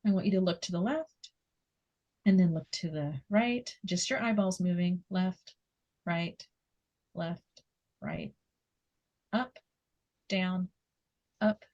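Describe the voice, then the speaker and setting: A woman leading a guided muscle relaxation exercise, giving gentle step-by-step instructions and counting down. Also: medium pitch. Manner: slow, soothing instructions with soft laughs.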